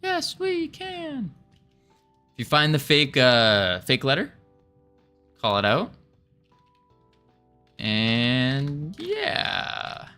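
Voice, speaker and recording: A man's voice: medium pitch, bright, forceful tone, clean tone. A man live-streaming his game development, chatting casually and playfully with viewers as he codes. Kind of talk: casual live-stream chat while coding.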